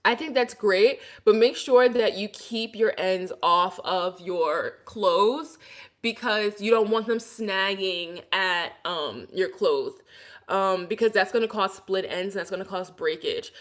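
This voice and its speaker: A woman with a Brooklyn New York accent chats casually, giving hair care tips as she reads out viewer comments. Her voice sits at an ordinary middle pitch. The sound carries a noticeable room echo. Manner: chatty, answers viewer comments with advice. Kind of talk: casual livestream chat with viewers.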